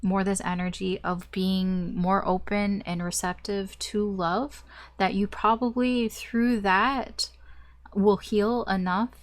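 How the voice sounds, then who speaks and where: A woman doing a casual tarot reading to camera, rambling with many fillers and restarts, and swearing now and then. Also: medium pitch. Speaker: tarot reader.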